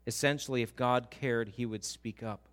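A man's voice: mid-range voice, steady tone, normal speed, fairly bright tone. A male pastor giving a conversational, emphatic sermon and asking his listeners questions.

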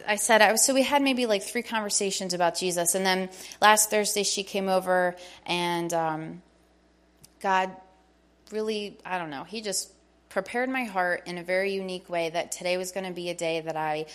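A woman's voice: fairly low pitch, normal speed. Eager middle-aged woman sharing testimony. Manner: eager storytelling that acts out quoted dialogue. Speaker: church member sharing testimony. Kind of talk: personal faith testimony.

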